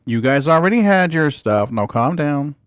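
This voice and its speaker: A man's voice: a little high, big pitch swings, moderate pace, clear, resonant tone, no echo, clean studio sound. A man streaming a space game, chatting casually as he plays and talks to his cats. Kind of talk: casual gameplay commentary.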